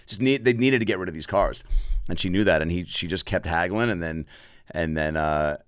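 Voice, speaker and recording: A man's voice: low voice, fairly quick, smooth, dry recording, studio quality. A man in his forties, a comedian guest, telling casual stories with loose, profane, acted-out quotes. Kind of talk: casual storytelling chat.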